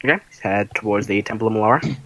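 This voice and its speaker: A man's voice: fairly low pitch, quick pace, a bit bright, no room sound, rough recording. A man narrating as game master for a tabletop game, casual and hesitant with many fillers. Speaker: dungeon master.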